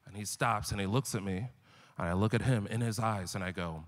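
A man in his thirties doing live stand-up comedy on stage, telling animated stories and acting out the voices of the people in them. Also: lowish voice, a little fast.

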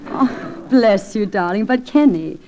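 A woman's voice: medium pitch, lively intonation, a little slow, a little mellow. A woman guest singer in 1940s radio comedy banter, with a coy, teasing delivery. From United States. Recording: dull old radio transcription.

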